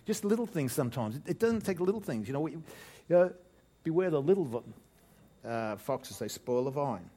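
This Australian pastor delivers his sermon briskly and with few pauses, his mid-range voice surging loudly on key words. Jokes, broken-off sentences that he starts again, and an easygoing, spirited rhythm run through it.

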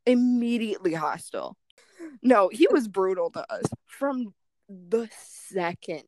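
Young woman podcast host, casual and animated, acts out the quotes; mid pitch, dry recording. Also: a little slow, no echo. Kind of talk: casual storytelling chat.

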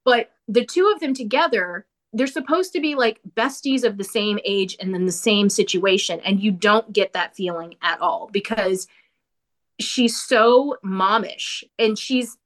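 A woman talking casually about a movie she watched, animated and opinionated, with quick asides. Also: medium pitch. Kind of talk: casual movie review chat.

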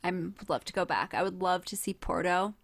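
A woman's voice: on the low side, brisk, gravelly, no room sound. Bubbly, giggly woman podcast host, dry sound. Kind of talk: casual chat.

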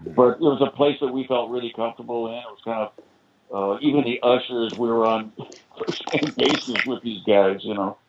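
A man's voice: medium pitch, a little fast, a little hiss or hum. An older American man telling long, rambling anecdotes as a guest in a podcast interview, with lots of "you know"s. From United States. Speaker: guest musician. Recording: tinny phone-line sound.

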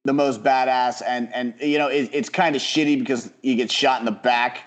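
A man's voice: medium pitch, steady tone, moderate pace. Rambling, profane male podcast host. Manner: profane, rambling with frequent fillers. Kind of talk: casual chat.

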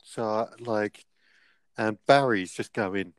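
A man's voice: on the low side, measured pace, clean tone, dry recording. A young man casually telling a rambling anecdote as podcast co-host, laughing often. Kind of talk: casual storytelling.

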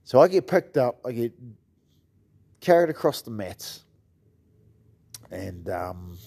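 Mellow-voiced New Zealand gym coach. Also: male voice, medium pitch, very animated, slow, gravelly. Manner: swears freely, loose rambling delivery with fillers. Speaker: martial arts gym coach. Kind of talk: casual storytelling chat.

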